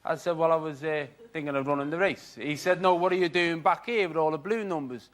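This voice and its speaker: A man from Liverpool with a Liverpool accent, telling a long stand-up anecdote on stage in a dry, deadpan way. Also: on the high side, fairly quick. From Liverpool, England. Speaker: stand-up comedian. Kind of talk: stand-up storytelling. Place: TV studio stage with audience.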